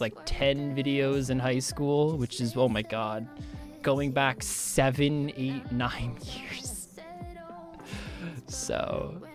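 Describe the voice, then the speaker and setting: A man's voice: on the high side, bright, forceful tone. A young man in his twenties on a casual game stream, loose and profane, reading viewers' chat aloud and riffing on it. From United States.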